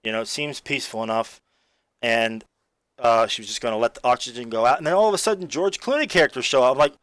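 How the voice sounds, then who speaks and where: A man giving a casual, excitable spoken film review, rambling with many fillers and restarts. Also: mid-range voice, quick pace, no echo.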